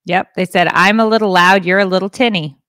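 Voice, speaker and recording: A woman's voice: mid-range voice, steady tone, fairly quick, bright, forceful tone, no room sound, clean studio sound. A woman co-hosting a podcast at home, chatting casually in a rambling way with crude jokes. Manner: rambling, laughing, crude joking. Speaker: podcast co-host. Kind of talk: casual chat. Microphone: podcast microphone.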